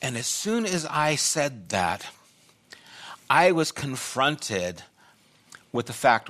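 An older man preaching a sermon as pastor, telling a personal story with loud bursts and quiet asides. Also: medium pitch, very animated, slow, long pauses.

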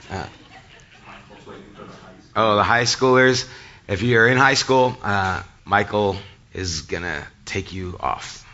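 A male pastor preaching a sermon, his voice a little hoarse from a cold, speaking conversationally to the congregation. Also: lowish voice, slow, pauses often, bright, forceful tone, dull audio. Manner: conversational, addresses the congregation directly.

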